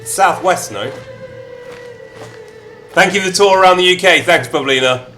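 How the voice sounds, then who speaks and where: Playful male game streamer, bright voice. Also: high voice, normal speed, soft background music. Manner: playful, reads text in shifting mock accents. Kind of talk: game stream commentary, reading event text aloud in put-on accents.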